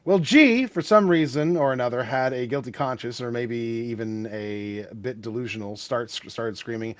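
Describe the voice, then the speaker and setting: A man reading a story aloud on a podcast, lively and stumbling over the text. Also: mid-range voice, moderate pace, hardly any pauses, no echo, studio quality.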